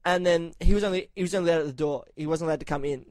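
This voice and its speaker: Speaking rapid-fire in a fairly high pitch, an Australian man spins a story during a relaxed podcast chat. His delivery is profane and lively, and his voice rises sharply each time he repeats his own words.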